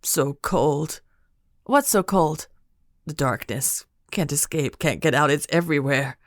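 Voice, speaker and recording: A woman voicing a deep-voiced, broken prisoner who speaks in weak, sobbing fragments. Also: expressive, measured pace, no room sound, studio quality. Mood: despairing.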